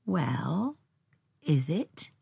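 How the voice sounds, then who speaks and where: A woman's voice: on the high side, sing-song, moderate pace, slightly rough, no echo, voice pushed up. A woman reading a novel aloud, voicing a proud young woman who speaks coolly and teasingly.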